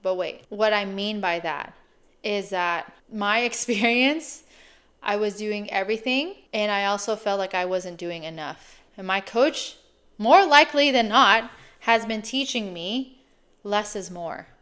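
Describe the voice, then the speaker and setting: A woman in her late thirties, a fitness coach, talking casually and reflectively in a chatty, animated way. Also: mid-range voice, a little slow, smooth. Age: 30s. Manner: chatty, animated, laughs often.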